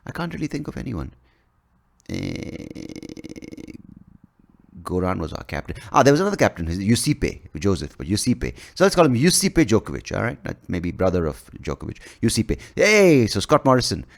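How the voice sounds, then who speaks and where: A man rambles through a comic podcast monologue, swearing freely and poking fun at himself. His low voice is gravelly and rises and falls in lively swings. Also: moderate pace. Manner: profane, rambling, self-mocking. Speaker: podcast host. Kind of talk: comedic monologue.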